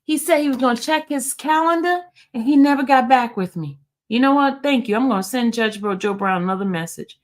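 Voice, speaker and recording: A woman in her fifties hosting a live stream, telling a story in a casual, animated way and talking straight to her viewers. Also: a little high, brisk. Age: 50s. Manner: animated, laughing, addresses viewers as y'all. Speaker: channel host.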